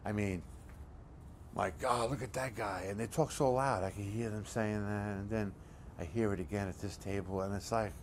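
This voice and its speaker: This bitter, very low and heavy voice belongs to a man playing a massive, coldly calculating crook in a cheap crime movie. He lectures in blunt street talk, cursing nearly every line, at normal speed with a steady, natural tone, while faint hiss runs underneath.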